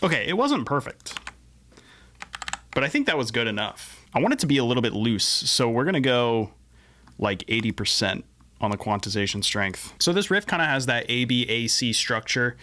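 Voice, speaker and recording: A man's voice: mid-range voice, very animated, normal speed, pushed and bright. Laid-back man talking in his home studio. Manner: laid-back, chatty, self-deprecating, trips over words. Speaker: musician making a song on camera. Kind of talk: casual studio walkthrough. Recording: music playing behind the voice. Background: guitar and drum playback.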